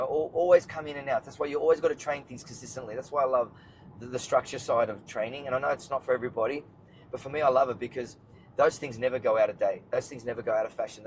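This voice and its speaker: Australian male podcast host, rapid and emphatic, middle-pitched, faint road noise behind; casual chat in a car. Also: rough recording. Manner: fast, emphatic, rambling. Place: inside a car while driving.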